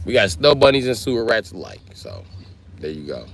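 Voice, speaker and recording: A man hosting a livestream, chatting casually and telling stories in a profane, animated way. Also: fairly low pitch, a little fast, creaky, a little hiss or hum. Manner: profane, animated storytelling with voiced asides. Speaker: livestream host.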